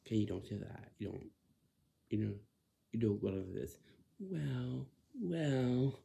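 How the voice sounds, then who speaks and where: A man with a low, heavily gravelly voice talks through casual advice in a monologue. His tone is dark and mellow, and he keeps repeating himself, dropping to hushed whispers before jumping to loud, emphatic bursts. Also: level tone, brisk, a little hiss or hum.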